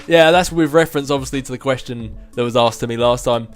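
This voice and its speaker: A man's voice: mid-range voice, fast talker, smooth, faint music behind. A man in his twenties answering viewer questions in a casual chat, rambling, self-mocking and chuckling often. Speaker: gaming video host answering viewer questions.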